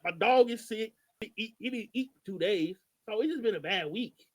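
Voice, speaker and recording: A man with a somewhat raised pitch co-hosts a loose podcast conversation. He talks in an exasperated, emphatic rant, hammering his points home. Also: expressive, moderate pace, rough recording. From Missouri. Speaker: podcast co-host. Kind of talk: casual podcast chat.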